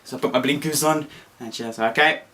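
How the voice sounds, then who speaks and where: A young man with an Australian accent tells a story straight to camera in a loose, chatty vlog. His telling is animated, and he leaps up into squeaky highs whenever he plays out the quotes. His voice sits at an ordinary middle pitch for a man. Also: fast. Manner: animated, acts out quotes with sudden high squeaky jumps. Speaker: vlogger.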